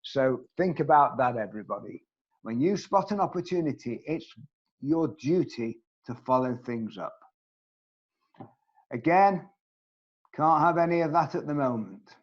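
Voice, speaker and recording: A man leads an online training session, earnest and emphatic, often turning to ask his listeners direct questions. His voice sits slightly high for a man. The video-call audio sounds dull and lo-fi. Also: expressive, measured pace, long pauses. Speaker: networking trainer.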